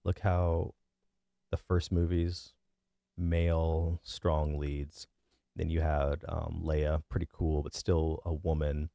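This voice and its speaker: A man in his thirties with a deep bass voice, giving his opinions in a casual, rambling monologue full of fillers and restarts. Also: little pitch movement, slow, vocal fry, dark tone, no room sound. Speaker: vlogger.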